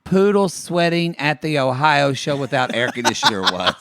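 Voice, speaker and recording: A man's voice: on the high side, vocal fry, fairly bright tone. A man co-hosting a podcast, recapping a reality show in playful, campy chat. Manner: playful, campy, quotes the cast in asides. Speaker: podcast co-host. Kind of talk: casual comedic recap chat.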